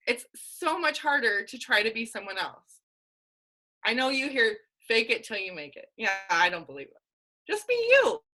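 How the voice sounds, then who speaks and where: A woman's voice: fairly high pitch, sharp tone, low-quality recording. A young adult woman coach giving a candid, emphatic motivational talk on a team video call, full of casual slang. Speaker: guest speaker, fitness coach.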